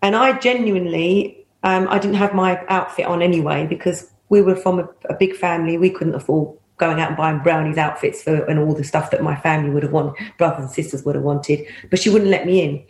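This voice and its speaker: A middle-aged woman, a former police officer telling stories in an interview. She talks in a lively way, laughs often and acts out the voices of people she quotes. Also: low-pitched, a little fast, few pauses. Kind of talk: anecdotal storytelling. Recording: roomy echo.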